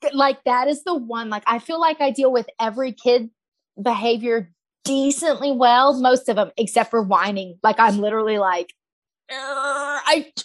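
A woman talking casually as a podcast guest, acting out whiny kids and her own yelling. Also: fairly high pitch, moderate pace. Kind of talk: casual chat.

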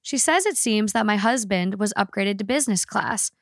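A woman's voice: medium pitch, expressive, normal speed, no room sound, studio quality. A woman co-hosting a podcast, reading a listener's story aloud with expression and then chatting casually about it.

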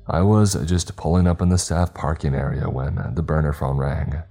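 A man narrates a scripted horror story in a measured, grave way. His voice is extremely deep and dark, with quiet music playing underneath. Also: gravelly. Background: faint background music.

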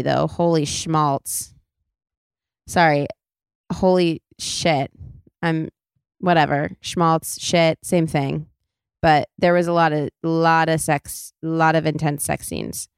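Young woman podcast host, casual rambling chat, low gravelly voice, dry close sound. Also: no echo. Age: young adult. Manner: chatty, rambling, swears freely, self-deprecating.

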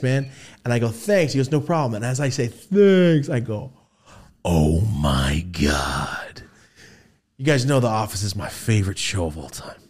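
Casual young male podcast host, animated storyteller, pitch all over the place. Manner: animated, acts out quotes with big pitch jumps and shouts.

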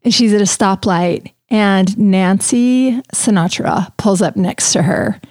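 A woman's voice: medium pitch, slow pace, a little mellow, no room sound. Bubbly woman podcast host, dry sound. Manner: bubbly, chatty storyteller. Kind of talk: casual chat.

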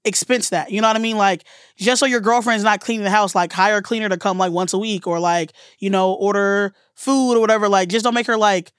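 A woman's voice: mid-range voice, fairly even intonation, a little fast, smooth, dry recording, studio quality. A woman guest co-hosting a podcast, chatting casually, giggly and swearing freely as she gives her opinions. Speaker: guest co-host. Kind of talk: casual chat.

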